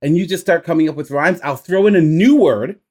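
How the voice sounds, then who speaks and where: Male rhyme coach, slightly high voice, upbeat, laughs a lot, loose and filler-heavy. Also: fairly quick, darkish tone. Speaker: rhyming coach. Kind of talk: casual coaching session.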